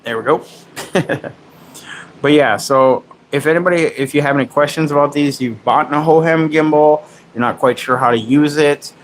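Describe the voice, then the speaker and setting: A man in his forties talks through gear on a live stream in a loose, rambling way, pausing with fillers. There is a faint hiss of noise in the background. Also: on the high side, low-quality recording. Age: 40s. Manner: loose, rambling, swears casually. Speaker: tech livestream host. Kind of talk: casual livestream chat.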